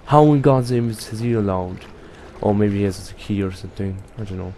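A man's voice: on the low side, a little fast, warm tone, slight background noise. A young man playing a horror game and commenting to viewers, jumpy and swearing often. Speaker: gaming youtuber. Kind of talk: let's play commentary.

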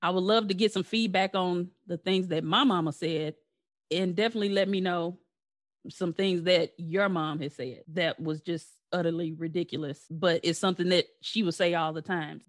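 Her voice is lowish and steady, at a normal speed. She's a podcast host chatting casually with her brother, laughing frequently and ending on warm sign-off patter.

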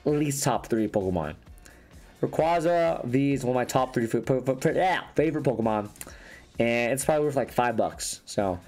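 A man losing his voice, chatting casually as he opens trading card packs and rambles through each card. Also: mid-range voice. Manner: rambling, restarts sentences. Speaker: YouTuber opening trading cards. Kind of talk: casual card-opening commentary. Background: faint background music.

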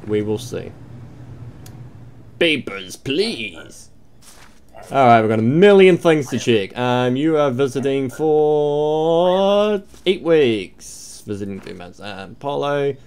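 A man's voice: mid-range voice, lively intonation, unhurried, darkish tone, clear, resonant tone. A man thinking aloud and swearing as he comments on his own game play, sarcastic and crude. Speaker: let's play host. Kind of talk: gameplay commentary.

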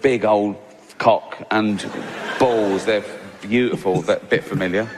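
A man's voice: lowish voice, fairly even intonation, takes it slowly, background noise, voice pushed down. A man putting on a crude, backslapping male doctor who swears freely, in a stand-up routine. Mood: blustery. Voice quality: coarse, matey, swearing.

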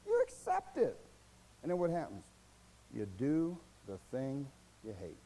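At normal speed, a pastor delivers a folksy, colloquial sermon with wildly swooping pitch, murmuring low and then bursting out loud and high. It's a rough recording.

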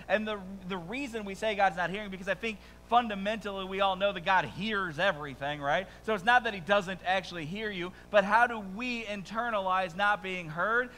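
A man preaching a sermon as pastor, conversational and animated, with quick asides and rising emphasis, speaking to a congregation in a church. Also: high-pitched, a little hiss or hum, poor audio. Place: church sanctuary before a congregation.

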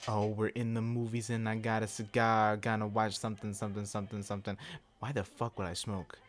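A man giving casual, profane gameplay commentary, swinging between low mumbling and excited yelps. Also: fairly quick, slight background noise. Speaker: game streamer.

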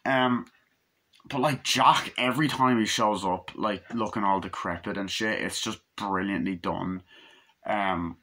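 A man giving a rambling, foul-mouthed casual film review, full of fillers, who acts out scenes with quick quoted voices. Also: lowish voice, steady tone, bright, forceful tone. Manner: rambling, profane, filler-heavy. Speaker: movie reviewer.

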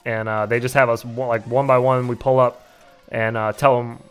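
A man's voice: medium pitch, flat delivery, normal speed, smooth, soft background music. A man in his thirties hosting a casual livestream, telling a story with laughs and swearing. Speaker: livestream host.

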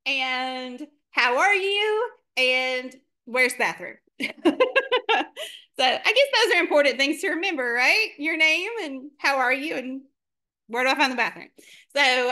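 A woman teacher leading a lesson for children, upbeat and encouraging, modeling words slowly and clearly. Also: high voice, bright, forceful tone.

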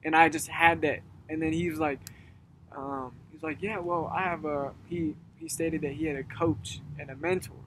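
A young man in casual chat outdoors, telling a story in a rambling way, getting animated when he retells it. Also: fairly high pitch, normal speed, noisy background. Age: young adult. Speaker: guest. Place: outdoors at dusk.

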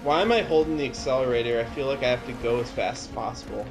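A man's voice: mid-range voice, quick pace, creaky. A man playing a video game and commenting casually, exasperated and swearing often, with game music behind him. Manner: exasperated, swears a lot, yelps in frustration. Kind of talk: casual let's-play commentary.

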